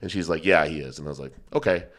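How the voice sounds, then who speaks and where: A man's voice: a bass voice, rapid-fire, a bit bright. A man hosting a podcast, telling a rambling story with lots of swearing and laughter in a casual chat. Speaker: podcast host.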